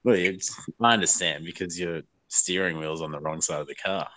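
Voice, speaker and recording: A man with an Australian accent, chatting as an easygoing guest who laughs often. His voice is very low and deep, and the sound is dry and close to the mic. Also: fairly even intonation, normal speed, fairly bright tone, dry recording, low-quality recording. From Melbourne, Australia. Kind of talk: casual chat.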